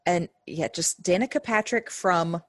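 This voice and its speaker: A woman co-hosting a podcast who chimes in with wry jokes and casual swearing. Her voice sits fairly low for a woman, and the recording is dry and close. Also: unhurried, no echo. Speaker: podcast co-host. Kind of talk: casual chat.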